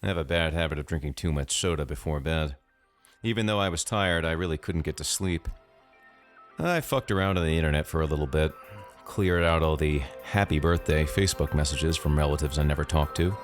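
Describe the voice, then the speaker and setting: A man's voice: very deep voice, fairly quick, soft background music. A man narrating a horror story in the first person with a dry, sardonic manner.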